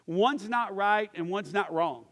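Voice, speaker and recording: This male pastor, from near Pittsburgh, has a high-pitched, somewhat bright voice and keeps a measured pace. Teaching a church class, he tells stories and voices the characters, with many restarts and fillers, under long hall reverb.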